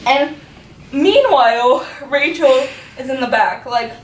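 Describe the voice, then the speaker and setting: Teen girl, unhurried, chatty faith testimony, lots of "like", heard from across an echoey hall. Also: sits high, expressive, a little hiss or hum. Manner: chatty, filled with "like", laughing often. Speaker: youth group member giving a testimony. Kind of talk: personal faith testimony talk. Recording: echoey room, faint ambience, from far off.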